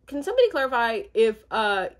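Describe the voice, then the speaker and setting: A woman's voice: a little high, very animated, brisk. A young woman in casual chat, rambling with many fillers and asides as she recaps a reality show.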